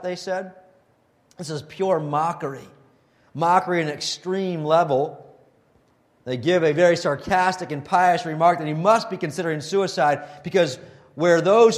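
A high-pitched man preaches a sermon, reading scripture and quotes, and grows animated when voicing the scoffers.

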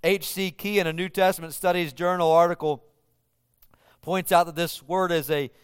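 A man's voice: high voice, fairly even intonation, normal speed, smooth, dry recording, studio quality. A man preaching a sermon, retelling a scripture scene with vivid storytelling. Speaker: pastor.

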